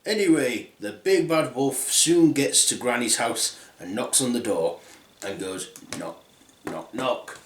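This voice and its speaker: A man's voice: medium pitch, a little slow. A man telling a comic fairy tale in a casual, crude, rambling way. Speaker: storyteller. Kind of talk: comic storytelling. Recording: roomy echo.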